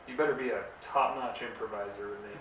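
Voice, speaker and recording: A man's voice: on the low side, fairly even intonation, fast, a bit bright. Young male co-host, teasing and jokey, heavy room echo, mic set back. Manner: playful, teasing, loosely jokey. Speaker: podcast co-host. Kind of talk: casual comedy podcast chat. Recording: very echoey room, distant mic, faint hiss.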